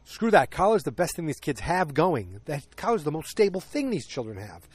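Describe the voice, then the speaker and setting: A man's voice: fairly high pitch, big pitch swings, fairly quick, slightly rough, dry recording. A man in his forties casually recapping a TV episode, with lots of fillers and opinionated asides.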